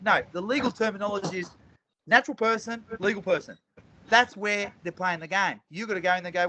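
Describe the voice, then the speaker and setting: A man appears as a guest telling courtroom stories with emphasis, repeating phrases and acting out the exchanges in animated fashion. His voice sits high, quick, pushed and bright, heard through a dull lo-fi recording.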